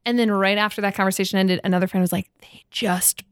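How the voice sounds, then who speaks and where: A woman chatting on a podcast, telling a story with lively acted-out quotes. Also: mid-range voice, very fast, clean tone, dry recording, studio quality. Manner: animated storyteller, acts out quotes. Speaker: guest. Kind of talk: casual podcast chat.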